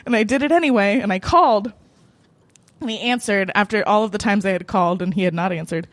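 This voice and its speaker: A woman's voice: mid-range voice, fast, no echo. Give me a young American woman telling a profane, laugh-filled story at a cafe open mic. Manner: laughing often, profane, animated. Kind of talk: live personal storytelling.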